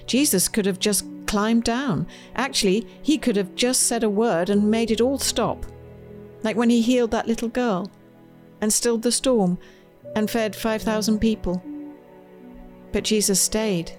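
A woman reads aloud from a children's storybook she wrote, gently and expressively, at a measured pace. Her voice sits on the high side, and faint music plays behind her.

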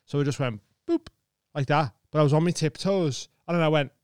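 A man's voice: on the high side, fairly quick, a little mellow, clean tone, no room sound, studio quality. A man on a comedy podcast, rambling through an anecdote and acting out his own reactions. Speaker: podcast co-host. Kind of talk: casual comedy chat.

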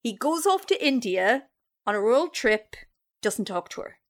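A woman hosting a comedy podcast, telling a long story in a quick, animated way. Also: on the high side.

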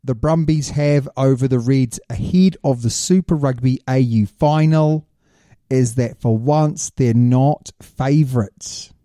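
A man trades teasing jokes in a casual sports chat. His voice is very dark and mellow, heard close and dry with no room sound. He talks at a middle pitch. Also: slow, no room sound. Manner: jokey, teasing banter. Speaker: podcast co-host.

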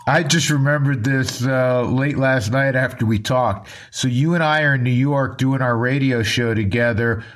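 Man, podcast host, mid-pitched, relaxed conversational tone. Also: normal speed, few pauses. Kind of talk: casual chat.

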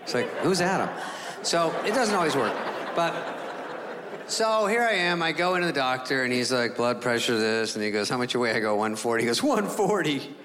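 A middle-aged man performing a stand-up routine, telling a self-mocking story in a sarcastic way with quick voices for others. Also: mid-range voice, sharp tone. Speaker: stand-up comedian. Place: large theater stage before a laughing audience. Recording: live hall with crowd noise.

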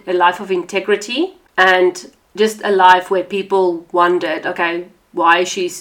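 A woman from South Africa hosting a faith podcast, sharing her personal testimony in an earnest, conversational way with frequent fillers. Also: on the low side. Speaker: podcast host.

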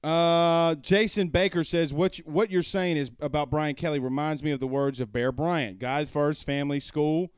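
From his home, a man runs a casual sports talk live stream, making forceful points and firing off rhetorical questions. He speaks at a moderate pace with hardly any pauses, in a fairly high, clean voice, and the recording is dry with studio-clean sound.

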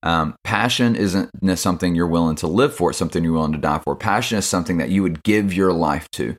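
A man's voice: sits low, fast talker. A young man hosting a casual devotional podcast, laid-back and slangy, with lots of fillers. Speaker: podcast host.

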